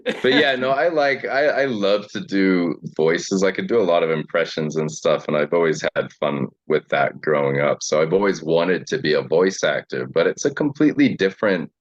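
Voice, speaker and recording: A young South African actor chatting casually in an interview, relaxed and quick to laugh, with filler words. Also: male voice, sits low. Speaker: actor guest. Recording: dull lo-fi sound.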